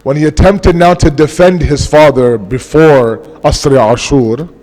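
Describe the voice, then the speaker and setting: A man giving an impassioned mourning sermon as a majlis speaker, slowing his words for emphasis. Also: a little high, a little mellow. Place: large mosque hall. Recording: long mosque hall reverb.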